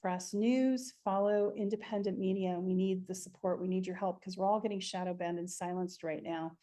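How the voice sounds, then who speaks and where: A woman hosting an interview, speaking in a halting way with many fillers. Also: medium pitch, fairly even intonation, mellow. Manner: halting, filler-heavy speech. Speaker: interview host. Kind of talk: interview sign-off.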